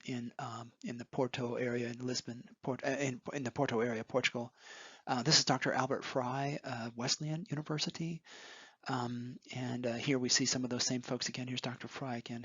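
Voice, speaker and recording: Halting man recalling old lab days. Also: mid-range voice, fairly bright tone, husky, no echo, muffled recording. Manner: hesitant, many ums and restarts. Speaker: former graduate student. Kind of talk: recorded reminiscence over photo slides.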